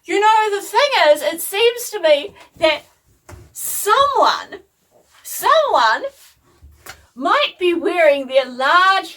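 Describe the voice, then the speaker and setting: A woman putting on her mother's voice, a calm, diplomatic older woman making a pointed suggestion sweetly. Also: sits high, recorded from a distance, voice pushed up, heavily acted.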